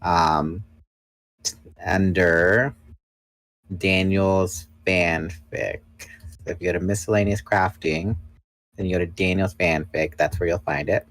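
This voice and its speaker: A self-assured man in his twenties guests on a livestream-style podcast, chatting casually and bluntly. His voice is deep, and the audio is poor though echo-free.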